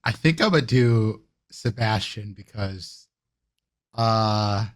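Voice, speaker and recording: A man's voice: fairly low pitch, slow pace. A man playing in a tabletop role-playing game, narrating his character with wry self-talk. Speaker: tabletop player.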